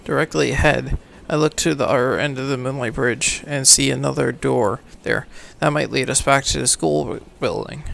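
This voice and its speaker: A man reading a game's story aloud for a let's play, halting and correcting himself, then signing off casually. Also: medium pitch, vocal fry, fairly bright tone. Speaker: let's player, reading game text. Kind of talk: reading game narration aloud, casual outro.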